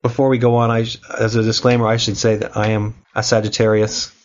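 A man's voice: on the low side, monotone, fast, muffled recording. A man hosting a podcast who has a cold, reading a wry, joking episode recap and chatting casually with his co-hosts. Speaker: podcast host. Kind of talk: casual chat and scripted recap.

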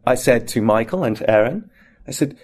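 A man talking as an actor in an interview, telling anecdotes in an animated, casual way and acting out bits of scenes. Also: medium pitch, fairly quick. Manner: animated storyteller, acts out scenes.

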